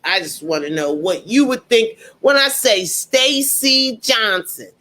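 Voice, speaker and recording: A political commentator delivers an opinionated monologue straight to the audience, emphatic and indignant, repeating points for effect. His mid-range voice is expressive, pushed and bright, at a measured pace.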